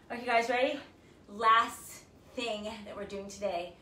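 A high-voiced woman leads a home workout class, counting each rep out loud and cheering her class through every set. Her voice is bright and a little sharp, with an unhurried delivery. She sounds set back from the mic in an echoey room at home. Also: distant mic. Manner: encouraging, counts reps out loud with upbeat cheers. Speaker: fitness instructor.

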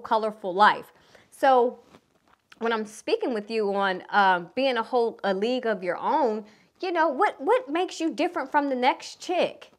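A woman with a Philadelphia accent and a hint of Southern twang gives relationship advice in a casual vlog. Her voice sits a bit high for a woman. She talks frankly and bluntly, with the odd curse word. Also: a bit bright. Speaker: relationship coach.

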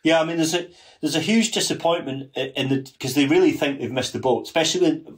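A man's voice: on the high side, fast. A man guesting on a history podcast, earnest and detailed, often restarting his sentences as he explains. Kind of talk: casual history podcast chat.

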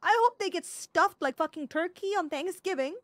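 A woman's voice: very high-pitched, normal speed, a bit bright, no echo. A woman in a role-play game clip, ranting spitefully and wishing harm on rivals.

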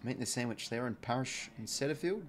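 A man's voice: medium pitch, brisk. An Australian man hosting a live football watch-along, commentating casually and chatting with viewers. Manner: chatty, reads chat aloud, excited on goals. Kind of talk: casual play-by-play commentary and chat.

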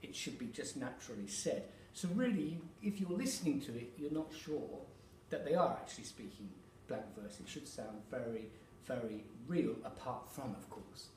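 A man's voice: medium pitch, expressive, a little mellow, a little hiss or hum. Man explaining verse in an echoey room. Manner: explanatory, pauses with fillers, taps out rhythms. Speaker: theatre director and actor. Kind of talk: educational talk to camera. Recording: roomy echo, distant mic, faint ambience.

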